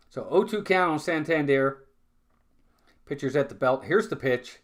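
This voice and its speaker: A man's voice: on the high side, animated, unhurried, long pauses. A man calling live baseball play-by-play in a casual, chatty way, often repeating words and talking to his viewers. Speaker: fan play-by-play streamer.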